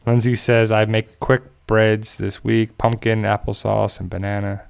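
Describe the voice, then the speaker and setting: A man's voice: on the low side, little pitch movement, a little slow, vocal fry, clear, resonant tone. A man hosting a casual livestream, reading viewer comments and rambling in a joking way with frequent chuckles. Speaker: channel host reading viewer chat.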